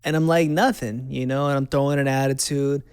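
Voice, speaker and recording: Gravelly, smooth-voiced man telling his story. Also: medium pitch, flat delivery, fast, a little mellow, no room sound, clean studio sound. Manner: candid, conversational, repeats phrases for emphasis. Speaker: host. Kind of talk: personal testimony.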